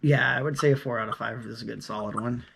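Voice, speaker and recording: A man's voice: medium pitch, steady tone, fast talker, gravelly, a bit bright, slight background noise. A man co-hosting a casual podcast chat, easygoing and steering the talk. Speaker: podcast co-host.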